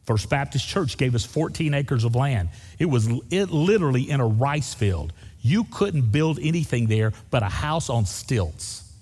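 A man preaches with a folksy, storytelling manner, hammering his points home by repeating them. His voice is mellow and a little husky. The sound carries the long reverb of a church sanctuary. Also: mid-range voice, lively intonation, a little slow. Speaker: pastor. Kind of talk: sermon.

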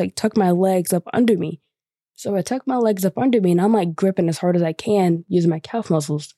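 A woman's voice: on the low side, warm tone, no room sound, studio quality. A woman podcast host telling a personal story in a rambling, casual way, full of fillers and the odd swear.

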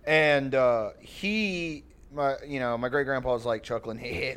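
A man's voice: medium pitch, expressive, moderate pace, hardly any pauses, fairly bright tone. A man telling a long, rambling, profane family story on a podcast, laughing often. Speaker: podcast host. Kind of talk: casual storytelling.

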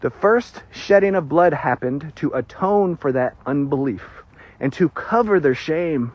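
A man preaching a sermon, animated and prone to nervous giggling as he explains scripture. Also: on the high side, measured pace. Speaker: pastor. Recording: dull lo-fi recording.

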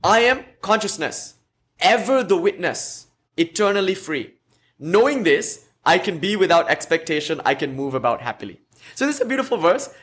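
A man teaching an online scripture class, chanting verses slowly and then explaining them in a casual way. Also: high-pitched, big pitch swings, a bit bright. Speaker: spiritual teacher.

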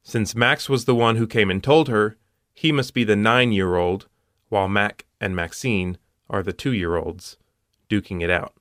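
A man with a fairly low voice hosts a puzzle show, reasoning through each solution in a steady, methodical way. He drops dry puns along the way. The sound is close and dry, with no room around it. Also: measured pace, dry recording. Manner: methodical, with dry punning asides.

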